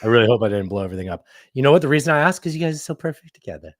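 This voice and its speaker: A man's voice: mid-range voice, animated, racing, no room sound, studio quality. A man co-hosting a comedy podcast, rambling and swearing in casual chat. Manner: rambling, profane, jokey. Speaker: podcast co-host.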